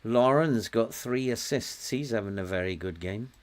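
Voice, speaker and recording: An older man from Wales, lowish-voiced and speaking at a normal pace, provides casual commentary while streaming a game. He chats freely, praises and chides his virtual players, and chuckles often.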